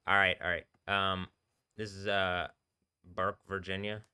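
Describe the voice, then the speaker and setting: A man's voice: low-pitched, little pitch movement, a little slow, bright, forceful tone, smooth. A man hosting a live stream, rambling casually with many fillers and bursts of laughter.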